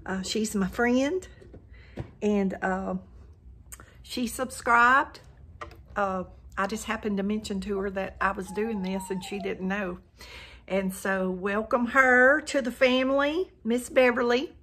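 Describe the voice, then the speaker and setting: Folksy older Southern woman, breathy. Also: mid-range voice, slow, fairly bright tone. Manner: folksy, chatty, says "y'all" often. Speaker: cooking vlogger. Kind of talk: casual cooking chat to camera. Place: home kitchen.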